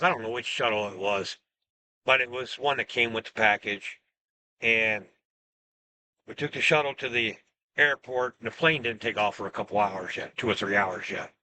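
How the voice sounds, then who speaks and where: A man telling a personal story in a casual, rambling monologue, full of restarts and asides. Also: medium pitch. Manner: rambling, animated retelling with restarts. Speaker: self-styled religious teacher.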